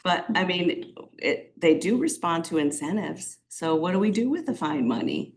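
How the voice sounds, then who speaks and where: A woman's voice: fairly low pitch, lively intonation, moderate pace. A woman from the university side at a town committee meeting, casual and a little joking, often trailing off.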